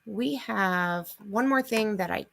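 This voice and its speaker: A woman's voice: medium pitch, slow pace, gravelly, fairly bright tone, a little hiss or hum. A middle-aged woman hosting a casual livestream, chatting through a list of grocery deals and answering viewer comments. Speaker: host of a couponing livestream.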